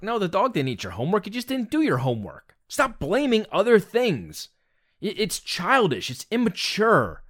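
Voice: medium pitch, wildly swooping pitch, normal speed, a bit bright. Blunt, exasperated ranting commentator. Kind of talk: opinion rant monologue.

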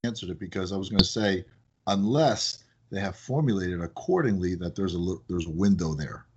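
A man who owns a business, chatting in a casual podcast and telling animated stories that act out his phone calls. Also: low-pitched, brisk, husky, dull audio. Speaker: business owner, guest.

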